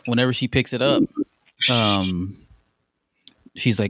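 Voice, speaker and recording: A man's voice: medium pitch, slow pace, pauses often, a bit bright, slight background noise. A young man co-hosting a podcast in casual chat, rambling and swearing with lots of fillers. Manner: rambling, profane, many fillers. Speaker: podcast co-host.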